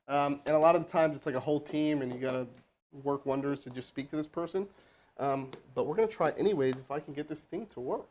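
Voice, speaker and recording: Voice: medium pitch, darkish tone. A sales trainer giving a casual screen-share walkthrough, muttering to themselves while working a computer and tossing informal asides to a colleague. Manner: informal, slangy, talking to a colleague off-mic.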